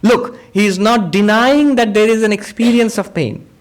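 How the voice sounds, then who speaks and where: A monk teaching a spiritual discourse, patiently explaining ideas through everyday examples and quoted dialogue. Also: male voice, high voice, normal speed. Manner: acts out quoted speakers in dialogue.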